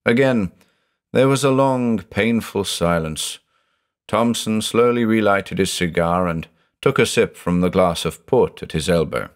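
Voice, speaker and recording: Very deep-voiced male horror narrator. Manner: measured, deliberate storytelling. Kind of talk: scripted horror story narration.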